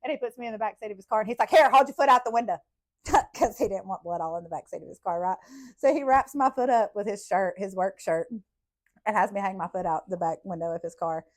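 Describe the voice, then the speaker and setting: A woman, a podcast host telling childhood stories in a blunt, profane, animated way. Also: mid-range voice, quick pace. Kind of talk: casual storytelling.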